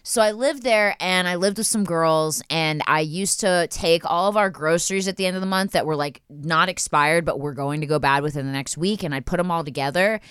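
A woman hosting a podcast, chatting and telling a story in an animated way, swearing freely. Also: on the low side, a little fast, hardly any pauses, smooth, no room sound, studio quality. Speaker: podcast host. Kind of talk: casual chat and storytelling.

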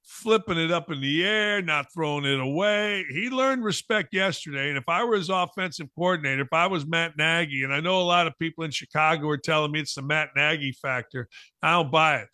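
A man's voice: a little high, fairly quick, pushed and bright, clear, resonant tone, no room sound, clean studio sound. A man hosting a sports talk show, giving an opinionated monologue with emphatic repetition and mocking asides.

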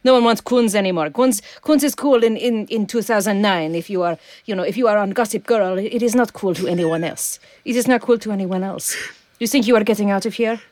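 A woman plays a sinister raccoon art thief in a cartoon, haughty and taunting, speaking in a mock French accent that keeps slipping toward Russian. She repeats her jabs with slow, smug emphasis. The sound is dry and close. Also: medium pitch, a little mellow, dry recording, lightly acted. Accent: mock French drifting to Russian.

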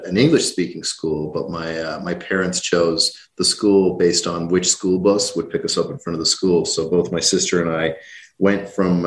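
A man's voice: sits low, echoey room. A man from Ireland with a faint Irish accent, a company head being interviewed. He talks in an easygoing, friendly way, with frequent restarts. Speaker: company CEO, guest. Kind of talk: casual interview chat.

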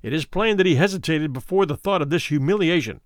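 Expressive male storyteller, dry close sound. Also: on the high side, quick pace, dry recording. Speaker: narrator. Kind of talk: reading a classic story aloud.

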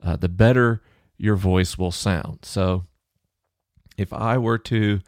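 A man hosting a science Q&A podcast alone in his office, explaining in a relaxed, conversational way into a close microphone. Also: low-pitched, slow, pauses often, dry recording. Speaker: podcast host answering listener questions. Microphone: close studio microphone off to the side of the mouth.

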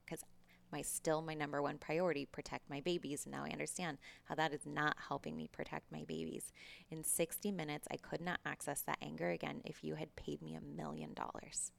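Low gravelly-voiced woman telling her story. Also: level tone, fairly quick. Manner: candid, swears freely, acts out past conversations. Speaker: podcast guest. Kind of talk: casual interview storytelling.

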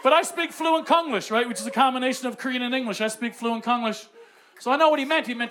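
A man from Newfoundland, Canada, doing a stand-up comedy set, telling animated stories and swearing freely. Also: very high-pitched, fast. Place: comedy club stage with audience.

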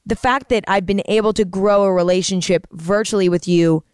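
A woman's voice: mid-range voice, steady tone, brisk, darkish tone, clean tone, no echo, studio quality. A woman hosting a podcast, talking in a casual, earnest and rambling way, full of fillers and restarts. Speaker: podcast host. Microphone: studio microphone.

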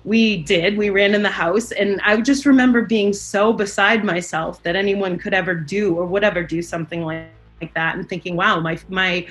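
A woman's voice: mid-range voice, poor audio. A woman recalling a frightening childhood incident in an interview, speaking hesitantly with fillers and restarts that grow intense. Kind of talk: emotional personal recollection.

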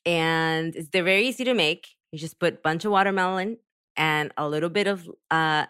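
A woman's voice: fairly low pitch, moderate pace, fairly bright tone, clean tone, no room sound, clean studio sound. A woman co-hosting a podcast, chatting casually and explaining things step by step. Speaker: podcast co-host. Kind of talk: casual chat.

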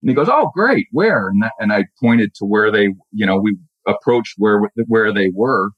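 A middle-aged man recounts a personal story slowly and reflectively, stopping and restarting often. His voice is low and husky. The audio sounds dull and lo-fi. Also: steady tone, dry recording. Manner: halting, reflective, many restarts. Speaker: caller telling a true story.

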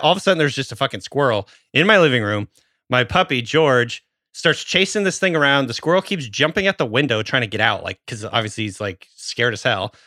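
A man's voice: mid-range voice, bright, forceful tone, no echo, studio quality. A man in his thirties co-hosting a podcast, telling a story in casual chat and swearing freely. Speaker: podcast host.

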